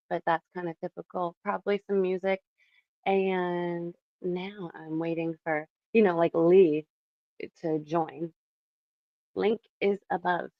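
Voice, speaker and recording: A chatty young woman from Canada talks to her stream chat from her bedroom, animated and quick to laugh. Her voice sits fairly low. The sound is dry and a bit dull and lo-fi. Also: dry recording. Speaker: livestreamer. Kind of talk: casual livestream chat. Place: home bedroom.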